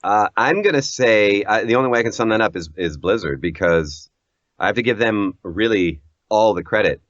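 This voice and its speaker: Lively, low-voiced man with animated delivery. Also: normal speed, no room sound. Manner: animated, self-deprecating, laughs often. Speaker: voice actor guest. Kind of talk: casual interview chat. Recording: dull lo-fi audio.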